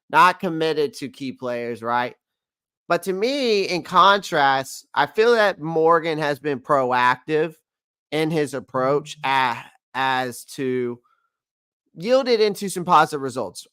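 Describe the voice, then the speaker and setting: Bright-voiced man chatting about football. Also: mid-range voice, clean tone, no room sound. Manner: rambling, repeats himself, reads viewer comments aloud. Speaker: sports talk host. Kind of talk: casual live-stream sports talk.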